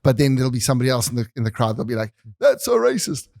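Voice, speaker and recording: A man's voice: mid-range voice, level tone, very fast, a little mellow, no room sound, studio quality. A man hosting a podcast, laid-back and joking in casual slangy chat. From South Africa.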